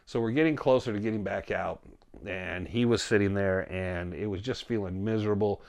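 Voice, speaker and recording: A man casually telling a story about a hike, animated, often quoting himself and his friend and laughing as he goes. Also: on the low side, normal speed, creaky. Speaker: storyteller guest.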